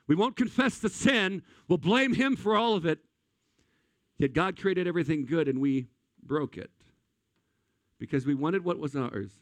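A man preaching a sermon at a church service in an energetic, conversational way, talking straight to the congregation. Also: a little high, measured pace, pauses often, dry recording, clean studio sound. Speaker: pastor.

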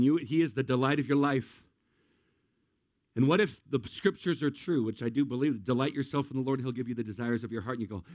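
A man's voice: medium pitch, a little mellow, no echo. A middle-aged man, a pastor, preaching a sermon with humorous, self-deprecating stories.

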